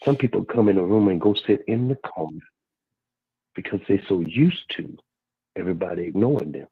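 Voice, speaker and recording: A man calling in to a radio talk show, speaking earnestly and haltingly, with many restarts. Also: deep voice, expressive, husky, dry recording. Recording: tinny phone line.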